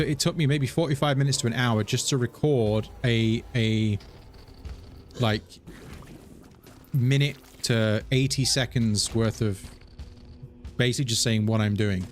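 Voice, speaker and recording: A man streaming a game, chatting in a rambling, self-mocking way and jumping into a higher voice to quote himself. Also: normal speed, long pauses, soft background music. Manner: animated, jumps into higher voice quoting himself. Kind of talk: casual gameplay stream chat.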